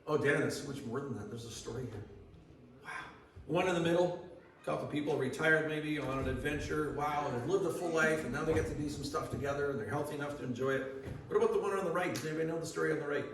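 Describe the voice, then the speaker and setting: A man's voice: a little high, fast, fairly bright tone. A man giving a sermon as pastor, in a conversational way that asks the congregation questions. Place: church hall. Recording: echoey church hall from far off.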